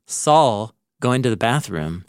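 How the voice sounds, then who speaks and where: A man co-hosts a Bible discussion and retells scenes with real animation. His voice moves through a wide, expressive range of pitch. He sounds close and dry, with no room sound at all. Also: slow, smooth, no echo. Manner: animated storyteller, acts out quoted lines with laughs. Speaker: podcast co-host, Bible teacher. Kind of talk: casual conversational Bible discussion.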